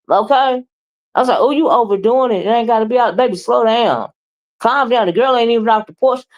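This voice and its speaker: A woman, giving sassy, expressive commentary on a livestream. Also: on the high side, poor audio.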